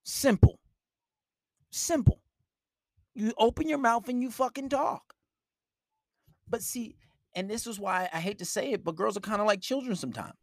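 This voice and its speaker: A man's voice: high-pitched, normal speed, pauses often, no room sound, clean studio sound. A man giving blunt, profane dating advice on a live stream, talking in an emphatic rant.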